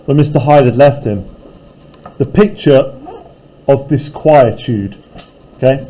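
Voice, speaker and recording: A man's voice: mid-range voice, slow, pauses often, warm tone, low-quality recording. A male teacher reading a novel aloud in a classroom and breaking off to explain it in casual terms. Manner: reads aloud, then paraphrases casually.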